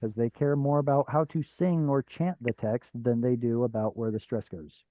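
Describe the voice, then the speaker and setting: A man's voice: mid-range voice, fairly even intonation, normal speed, dry recording, phone-quality sound. A man teaching a Hebrew reading class over a video call, patient and step by step, with frequent fillers. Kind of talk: live online class teaching.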